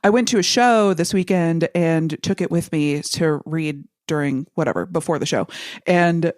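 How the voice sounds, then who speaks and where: A woman's voice: low-pitched, normal speed, darkish tone, no echo, clean studio sound. A woman co-hosting a podcast in casual chat, rambling and self-deprecating, with frequent giggles. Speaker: podcast co-host.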